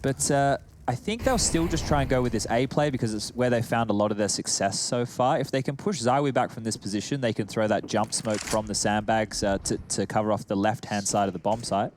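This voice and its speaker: A man's voice: fairly low pitch, brisk, hardly any pauses. A man giving tactical color commentary on an esports match, explaining the plays. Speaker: esports analyst. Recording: broadcast with game noise behind.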